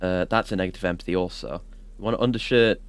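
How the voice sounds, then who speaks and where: A man's voice: low-pitched, fairly even intonation, quick pace, smooth. A man playing a video game and thinking aloud in casual, hesitant commentary. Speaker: gaming streamer. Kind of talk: casual let's-play commentary.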